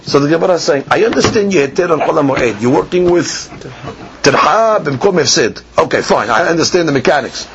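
A man teaching a Talmud lesson, chanting the text in a sing-song and then explaining it quickly, asking and answering his own questions. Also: a little high, expressive, fairly bright tone, slight background noise. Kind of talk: Talmud lecture. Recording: dull lo-fi podcast recording with faint ambience.

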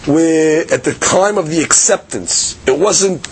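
A man giving a daily Talmud lesson, explaining in a lively conversational way with many fillers and restarts. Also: fairly high pitch, slow, a little hiss or hum. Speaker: Talmud teacher.

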